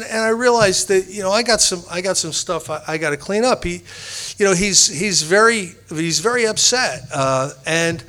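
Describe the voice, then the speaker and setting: A man's voice: high voice, sharp tone. A man sharing his personal recovery story with a meeting group, rambling and self-deprecating, with frequent restarts.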